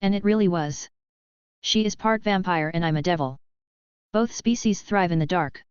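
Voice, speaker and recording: A woman reads a web novel aloud at an even, steady pace. Her voice is exceptionally smooth and clear, sitting a little low. The recording is dry and slightly dull, with no room sound. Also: moderate pace, dry recording. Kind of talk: audiobook narration of a web novel.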